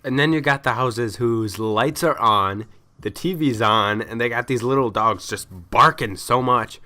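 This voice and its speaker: A man ranting in casual storytelling, exasperated and complaining, acting out the people he met in quick quoted lines. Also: mid-range voice, pushed and bright. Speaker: vlogger.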